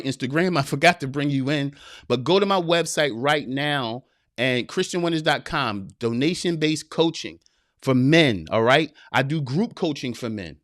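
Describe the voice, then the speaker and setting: A man's voice: fairly high pitch, no echo, studio quality. A man in his forties, a men's coach, giving an impassioned motivational speech full of repetition and street slang. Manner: preachy and emphatic, repeats phrases, street slang. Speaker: men's coach and podcast guest.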